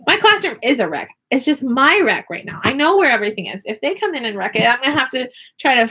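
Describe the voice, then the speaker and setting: A woman vlogging from her home classroom, chatting casually and upbeat with quick laughs while she crafts. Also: high voice, very animated, sharp tone, husky. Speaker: vlogger and online teacher.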